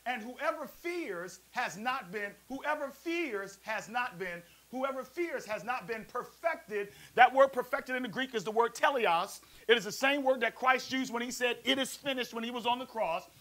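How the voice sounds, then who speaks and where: A man preaching a sermon as pastor, lively and playful, calling on the congregation to answer back. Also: extremely high pitch, moderate pace, few pauses, poor audio. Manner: preachy, call-and-response, playful asides. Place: church service also streamed to a prayer line.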